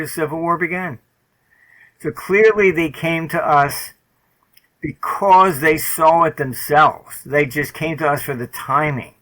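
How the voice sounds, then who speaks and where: A man's voice: fairly high pitch, pushed and bright, low-quality recording. A man talking bluntly as an interview guest, rambling with many fillers and telling stories from his career. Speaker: interview guest, market forecaster. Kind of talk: casual interview talk, storytelling.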